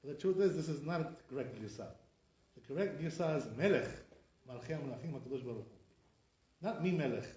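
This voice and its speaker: A rabbi teaching pronunciation in a classroom lesson, his man's voice sitting a bit high. He keeps correcting and repeating words, asking his listeners rhetorical questions. The room sounds echoey around him. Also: lively intonation, fast, dark tone.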